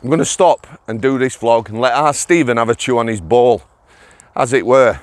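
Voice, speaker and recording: A man's voice: medium pitch, normal speed, dry recording. A middle-aged man, chatting to viewers on an outdoor walking vlog, laughing and addressing them directly. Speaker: vlogger, former prison officer. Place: outdoors on a walk.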